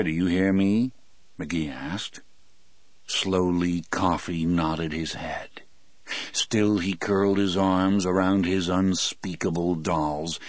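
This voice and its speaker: A man narrating a first-person audiobook in a measured, grave, unhurried manner. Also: deep voice, dry recording.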